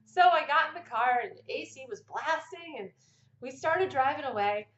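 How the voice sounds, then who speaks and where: A middle-aged woman vlogger with a high voice tells a personal story casually and animatedly, laughing now and then. Her voice rings in an echoey room, and the recording sounds a little dull. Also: animated, normal speed, fairly bright tone.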